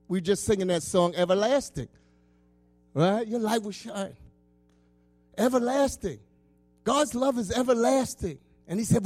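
Passionate preacher, man with a high voice, faint music under him. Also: moderate pace, pauses often. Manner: passionate, swinging between loud preaching and soft asides. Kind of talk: sermon.

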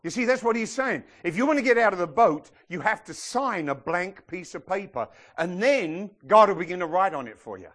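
In a high voice, a middle-aged pastor preaches fairly quickly with hardly any pauses. He brings the sermon to life by acting out the Bible figures in the stories he tells.

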